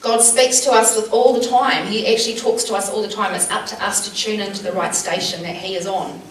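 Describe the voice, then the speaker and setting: A woman shares faith stories with a small group, earnest and animated, pausing on fillers as she goes. Her voice sits in a middle register. It reaches the mic from a distance in an echoey room with a faint hum of ambience. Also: mid-range voice. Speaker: church speaker. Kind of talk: teaching with personal testimony. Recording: roomy sound from a distant mic, faint background noise.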